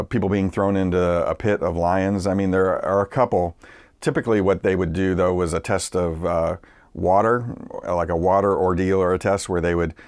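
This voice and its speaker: A man's voice: deep voice, a little mellow, clear, resonant tone, dry recording, clean studio sound. A man preaching a sermon as a pastor, in a conversational way with frequent fillers and restarts. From Massachusetts, United States.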